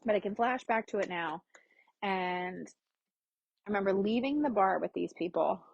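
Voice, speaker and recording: A woman's voice: mid-range voice, normal speed, gravelly, darkish tone, slightly rough, muffled recording. A woman hosting her own podcast, candidly telling a personal story in a frank, casual way that includes swearing. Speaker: podcast host.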